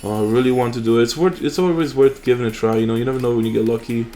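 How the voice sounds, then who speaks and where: A man's voice: mid-range voice, racing, dark tone, soft background music. A young man hosting a mobile game channel, chatting casually and rambling with fillers and restarts over his gameplay.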